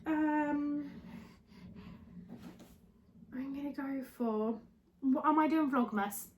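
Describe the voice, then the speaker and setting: A young woman chats to her camera at home in a bright, high voice. She talks warmly and freely, easily moved and quick to apologise. A faint hiss sits under her voice. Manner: chatty, emotional, apologetic. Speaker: lifestyle vlogger. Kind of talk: casual chat to camera.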